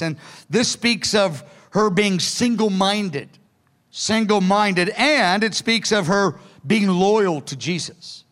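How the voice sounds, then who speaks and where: A man's voice: high voice, slow, fairly bright tone. A man preaching a sermon in an earnest, pleading way, sometimes acting out quoted lines. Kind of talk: sermon teaching from notes.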